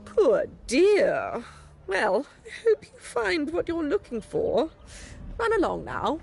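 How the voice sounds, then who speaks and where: A woman's voice: sits high, wildly swooping pitch, slow pace, creaky, faint music behind, heavily acted. A sugary, snobbish noblewoman. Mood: patronizing. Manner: sugary, patronizing, calls everyone darling. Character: condescending snobbish noblewoman, adult.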